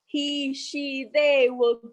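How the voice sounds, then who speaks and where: A woman's voice: sits high, drawn-out words, poor audio. A woman co-hosting a cooking show, talking casually and with enthusiasm about food. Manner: enthusiastic, expressive. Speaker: co-host.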